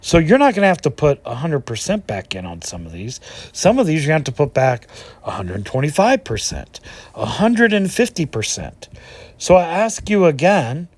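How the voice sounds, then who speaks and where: A man's voice: on the high side, big pitch swings, normal speed, no room sound. A man hosting a finance channel, giving casual commentary over stock charts in an indignant way and asking rhetorical questions.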